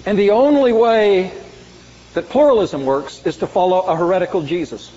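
A male pastor preaching with a high, forceful voice that swings between loud emphasis and hushed lines. The sound is dull and muffled, carrying a long reverb from a large hall. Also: moderate pace. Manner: emphatic preaching, dramatic swings in pitch and volume. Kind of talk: sermon.

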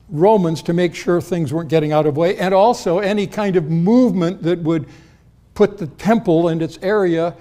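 A man with a slightly raised pitch delivers a sermon as pastor. He teaches in an easy, conversational way and turns to the congregation with questions as he explains. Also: mellow. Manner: conversational Bible teaching, addresses the congregation directly.

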